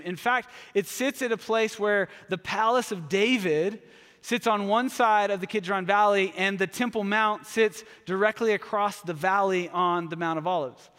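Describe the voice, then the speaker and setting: A man preaching a sermon, energetic and humorous, slipping into playful voices for asides. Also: sits high, long reverb tail. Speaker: pastor.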